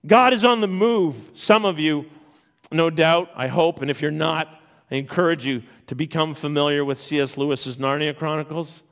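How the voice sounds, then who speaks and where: A man's voice: fairly high pitch, normal speed, fairly bright tone. Man preaching a storytelling sermon. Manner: storytelling with emphatic repetition and restarts. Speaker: pastor.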